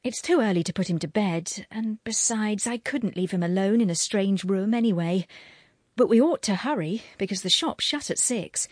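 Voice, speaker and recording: A woman's voice: medium pitch, normal speed, no echo, clean studio sound, close to an everyday voice. A woman voicing a busy young mother who soothes and fusses over her children in a storybook reading. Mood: brisk. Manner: soothing, fussing.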